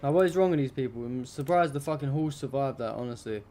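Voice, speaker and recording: A man's voice: medium pitch, quick pace, warm tone, a little hiss or hum. A young adult man hosting a live stream, commenting on news pictures in an indignant, rambling, heavily profane way.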